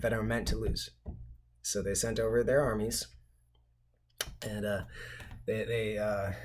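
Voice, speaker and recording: A man hosting his own channel, talking in a casual, unscripted monologue that rambles and halts, with frequent restarts and small chuckles. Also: mid-range voice. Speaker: channel host.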